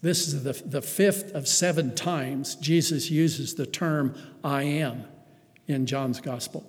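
A man's voice: fairly high pitch, steady tone, slow pace. A man delivering a sermon as pastor, building emphasis with rhetorical questions and calling the congregation beloved. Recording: long reverb of a hall.

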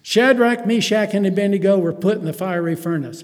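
A man's voice: high-pitched, brisk, hardly any pauses. A man delivering a sermon as pastor, building emphasis with rhetorical questions and calling the congregation beloved. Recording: long reverb of a hall.

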